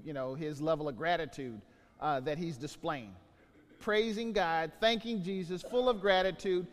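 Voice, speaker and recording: A high, lively male voice delivering a sermon, jumping between loud exclaims and hushed asides. The sound carries a long reverb from a big hall. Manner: animated storytelling, swings from loud to quiet. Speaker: pastor.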